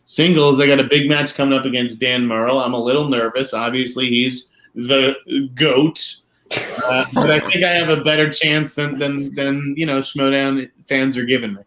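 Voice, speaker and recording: A man from Boston talking as a guest in a casual chat, relaxed and a bit hesitant. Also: medium pitch, moderate pace, slight background noise. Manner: laid-back, modest, a little hesitant.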